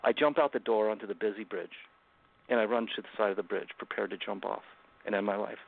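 Guest author, male, gravelly voice, earnest halting delivery, tinny call audio. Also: lowish voice. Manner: earnest, halting retelling with many restarts. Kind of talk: personal storytelling in an interview. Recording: phone-like remote call line.

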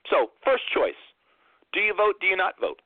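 A man's voice: sits high, big pitch swings, moderate pace, creaky, dry recording. A man hosting a political talk radio show, lecturing emphatically and repeating phrases for impact. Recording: narrow phone-like dry sound.

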